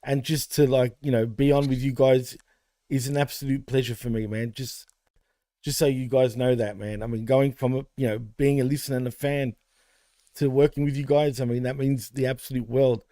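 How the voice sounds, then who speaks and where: Heartfelt rambling man, mellow voice. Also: medium pitch, steady tone, moderate pace, no room sound. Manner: heartfelt, rambling, many fillers. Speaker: podcast co-host. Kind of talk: casual podcast tribute.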